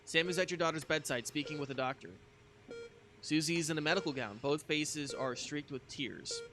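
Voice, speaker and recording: A man's voice: on the high side, moderate pace. A man streaming a story game, reading its narration aloud in a casual way with asides, with music playing behind him. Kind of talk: reading game text aloud with live commentary.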